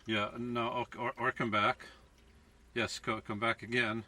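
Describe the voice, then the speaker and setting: A van life vlogger cooks inside his camper van and chats casually with his viewers, calling them folks, often restarting and correcting himself. His mid-range voice is level and sharp, at a measured pace, and he is recorded from a distance.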